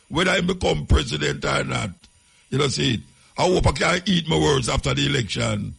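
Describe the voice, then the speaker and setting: A man's voice: mid-range voice, sing-song, a little fast, creaky, a bit bright, husky. A man with a Jamaican accent hosting a casual radio talk show, talking in chatty patois with laughing asides.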